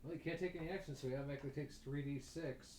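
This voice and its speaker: A man's voice: on the high side, steady tone, rapid-fire, noisy background. Man narrating gory game scenes in an echoey room. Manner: vivid, gory storytelling with chuckles. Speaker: game master.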